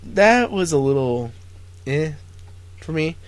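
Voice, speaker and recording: A man's voice: fairly high pitch, very animated, slow, no room sound. A man co-hosting a podcast, chatting casually in a rambling, profane way with many fillers. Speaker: podcast co-host. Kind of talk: casual chat.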